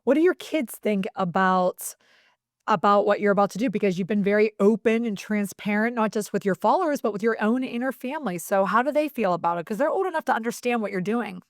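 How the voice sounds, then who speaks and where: A woman's voice: medium pitch, a little fast, no echo. Woman podcast co-host, supportive questioner, dry close sound. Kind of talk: interview.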